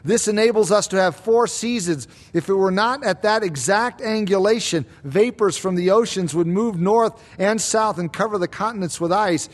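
A man preaching an expository sermon, emphatic and slowing down on key claims, with rhetorical questions to the congregation. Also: sits high. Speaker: pastor.

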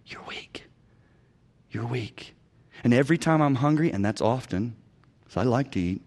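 A man teaching biblical counseling as a preacher, emphatic, swinging between loud urging and hushed low phrases and repeating key words.

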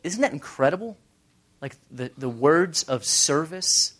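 A man preaching a casual sermon who tells stories and briefly acts out the crowds. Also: mid-range voice. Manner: conversational, animated storytelling with quick voices for crowds. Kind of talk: casual sermon with acted-out scenes.

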